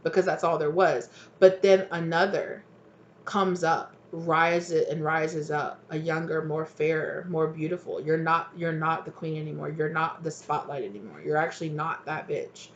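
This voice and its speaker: A tarot reader giving a rambling, animated channeled reading, acting out little dialogues. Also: medium pitch, muffled recording, a little hiss or hum.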